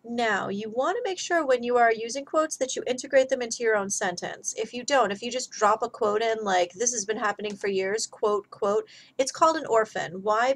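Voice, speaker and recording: A woman's voice: fairly high pitch, rough recording. A woman giving a recorded grammar lesson as a writing instructor, talking casually through examples. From United States.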